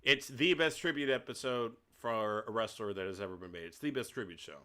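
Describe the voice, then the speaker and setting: A man chatting on a wrestling podcast, blunt and emphatic, with heartfelt conviction. His voice is bright and sharp, pitched in the middle range. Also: brisk. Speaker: podcast co-host. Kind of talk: casual wrestling chat.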